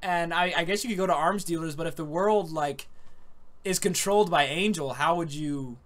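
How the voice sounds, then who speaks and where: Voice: medium pitch, moderate pace. A podcast host chatting casually about an anime, rambling and laughing often. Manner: rambling, laughs often, says dude and man.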